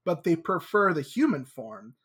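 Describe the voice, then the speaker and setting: A young adult co-host casually retelling a book's plot in an animated way, slipping into quick acted quotes of the characters. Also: medium pitch, breathy edge. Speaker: podcast co-host. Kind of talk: casual book discussion chat.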